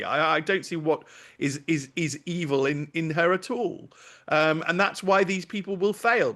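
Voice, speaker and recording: A man's voice: a little high, sharp tone. A man speaking as a guest on a talk show panel, impassioned and indignant. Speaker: guest commentator.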